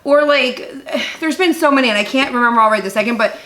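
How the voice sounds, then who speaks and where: Animated storytelling woman in echoey room. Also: on the high side, fast talker. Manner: animated storyteller, acts out quotes. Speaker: podcast co-host. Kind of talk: casual chat.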